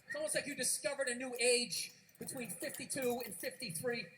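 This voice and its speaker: A stand-up comedian, a man with a fairly high voice, rants and mocks in a profane routine. He works a live room from the stage over a handheld mic. The recording carries a clear layer of background noise. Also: fairly even intonation, fairly quick, pushed and bright, low-quality recording. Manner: profane, ranting, mocking. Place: stage before a live audience.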